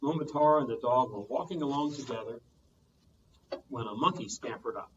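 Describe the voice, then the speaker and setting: A man, a children's librarian, reading a storytime tale aloud with lively sound effects, heard from a distance on muffled audio. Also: medium pitch, brisk, background noise.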